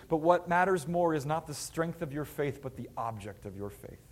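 A man's voice: mid-range voice, fairly even intonation, moderate pace, few pauses. A male pastor delivering a sermon to his congregation in an earnest, emphatic preaching manner.

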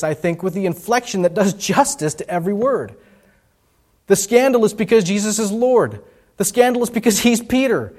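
A male pastor preaching a sermon, rising for stress and dropping low and soft.

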